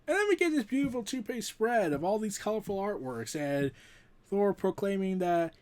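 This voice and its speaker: A man's voice: sits high, lively intonation, moderate pace, a little mellow. A man reviewing a comic book in a casual, rambling recap. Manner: rambling recap with fillers and restarts.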